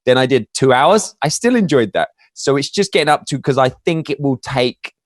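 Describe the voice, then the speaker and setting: A man's voice: mid-range voice, expressive, moderate pace, dry recording, clean studio sound. A man, a guest in a casual interview, telling stories with many fillers and restarts. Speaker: podcast guest.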